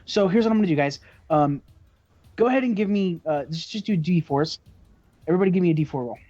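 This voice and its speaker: Higher-voiced man running a tabletop game. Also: animated, quick pace, dark tone. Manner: loose, hesitant narration with many fillers. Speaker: game master. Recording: dull lo-fi recording.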